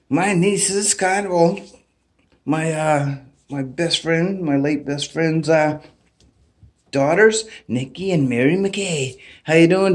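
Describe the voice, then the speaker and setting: A man, hosting his channel and greeting a long list of names in a rambling, animated way. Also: sits high. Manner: rambling, animated, greets each name warmly. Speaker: channel host. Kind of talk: casual shout-out vlog.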